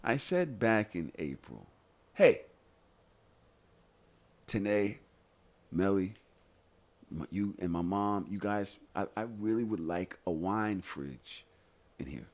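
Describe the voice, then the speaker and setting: A man's voice: deep voice, takes it slowly, long pauses. A man co-hosting a podcast, ranting in casual chat with swearing and exasperated questions. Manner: animated, exasperated, swears and rants. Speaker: podcast co-host.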